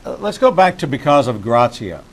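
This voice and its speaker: A man from Pittsburgh hosting an interview, asking questions in a measured, deliberate way. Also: mid-range voice, big pitch swings, poor audio. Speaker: interview host.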